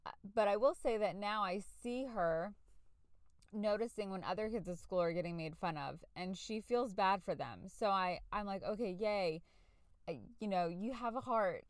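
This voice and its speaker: A middle-aged woman talks through a personal memory on her podcast, candid and searching, with fillers and self-corrections. Her voice is smooth and clear, sitting at a middling pitch. It is recorded close and dry, with no room sound. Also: dry recording. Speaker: podcast host, parent. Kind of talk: reflective personal podcast monologue.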